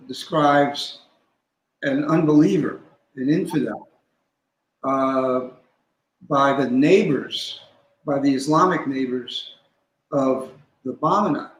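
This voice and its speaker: Slow, deliberate man in an echoey room. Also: medium pitch. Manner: deliberate, instructive, spells out terms. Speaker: guest scholar. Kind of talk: teaching in a conversation.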